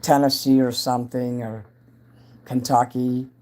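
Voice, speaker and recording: A man hosts his own livestream, chatting loosely and greeting viewers as they come in. His voice is mellow and a little dark. He rambles from topic to topic in an offhand, casual way. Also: medium pitch, little pitch movement, measured pace. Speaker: entertainer hosting a livestream.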